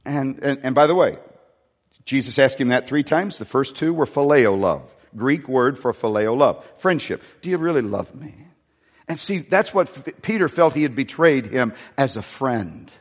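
A man's voice: mid-range voice, expressive, normal speed. A male pastor preaching a sermon in a conversational way, with folksy asides. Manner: conversational, with folksy asides and dramatic soft-voiced quotes. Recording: long reverb of a large hall.

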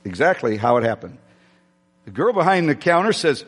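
A male pastor telling a story during a sermon, chatty and self-deprecating, with halting restarts. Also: medium pitch, big pitch swings, a bit bright, slightly rough. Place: church sanctuary. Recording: long hall reverb.

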